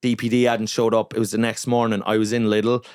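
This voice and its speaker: Irish comedian telling animated anecdotes. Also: male voice, lowish voice, a little fast, clean tone, no room sound, clean studio sound. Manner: animated, swearing, acting out quotes in his anecdotes. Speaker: comedian, podcast guest. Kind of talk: casual storytelling chat.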